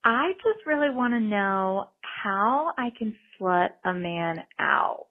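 A woman's voice: medium pitch, animated, slow. A woman calling in to a podcast, bubbly, chatty and a bit cheeky. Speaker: caller. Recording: tinny phone line.

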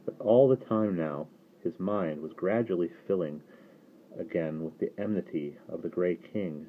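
A man reading a novel aloud in a steady storytelling delivery. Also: low-pitched, normal speed, a little hiss or hum. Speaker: reader. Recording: tinny phone-like sound.

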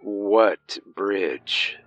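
A man doing a gruff, eerie emergency operator. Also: on the low side, very animated, measured pace, a bit bright, no room sound, faint music behind, heavily acted. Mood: detached.

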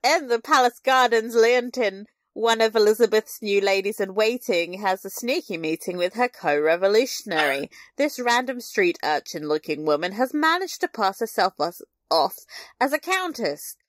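A woman talks through a TV episode for her podcast, her pitch jumping around as she laughs and throws in asides. The sound is dry and close. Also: moderate pace, no echo. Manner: animated, laughing recap with asides. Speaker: podcast co-host. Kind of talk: casual recap chat.

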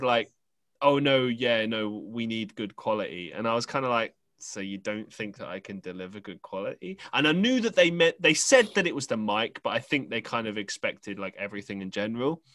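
With a bright, forceful, medium-pitched voice, an English podcast host tells a casual story that rambles along, thick with fillers and restarts. He's on a podcast microphone, with no echo.

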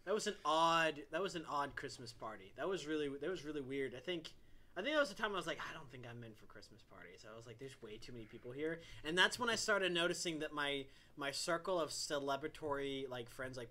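A male podcast co-host with a very bright, tense voice, pitched a little high. He talks in a loose, reflective ramble, restarting sentences and filling gaps with "um". His delivery stays casual throughout. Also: animated, fast talker. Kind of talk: casual chat.

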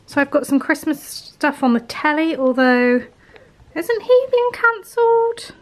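A woman's voice: high voice, sing-song, a little slow. A woman, chatting casually through her day for a home vlog. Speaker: vlogger. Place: home kitchen, indoors. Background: household appliances humming.

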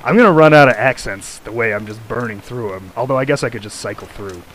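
A man's voice: medium pitch, fast, fairly bright tone, slight background noise, rough recording. A young man giving joking, giddy commentary while playing a video game. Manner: giddy, joking, laughs often. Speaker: gamer. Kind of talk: let's play commentary. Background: game music.

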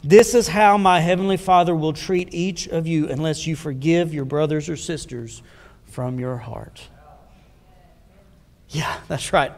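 Pastor, male, high-pitched, preaching conversationally with questions to the room, long church-hall echo. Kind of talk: sermon. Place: church sanctuary.

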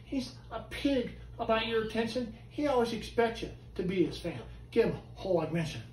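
A man performing a live show with his talking bird, coaxing it loudly and often yelling his patter. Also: high voice, expressive, a little fast, a little hiss or hum. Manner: loud, coaxing and prone to yelling. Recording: echoey room from far off.

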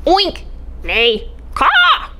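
A woman doing a quick chirpy crow. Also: very high-pitched, wildly swooping pitch, sharp tone, voice pushed up, heavily acted.

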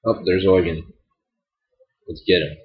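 A man's voice: sits low, level tone, a little slow. A man hosting a game let's play, stuffed up and nasal, rambling and apologetic with a wry edge. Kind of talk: casual game commentary. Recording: dull lo-fi home mic.

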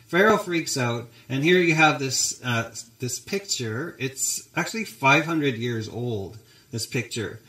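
A man's voice: medium pitch, animated, slow, sharp tone. A male pastor preaching a sermon, telling a story and addressing the congregation directly. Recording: roomy church echo.

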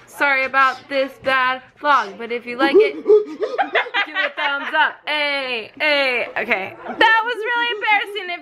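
A teenage girl vlogging in a bubbly, giggly, chatty way. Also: high-pitched. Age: teens. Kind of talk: casual vlog chat.

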